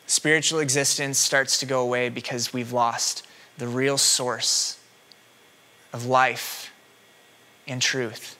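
A man preaching a sermon as a minister, moving from hushed reflection to loud, pleading questions. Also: medium pitch.

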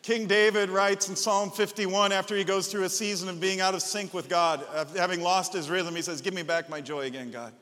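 High-energy preaching man, bright and reverberant. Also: fairly even intonation, fairly quick, hardly any pauses. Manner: enthusiastic, swings to loud shouts. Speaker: pastor. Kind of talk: sermon.

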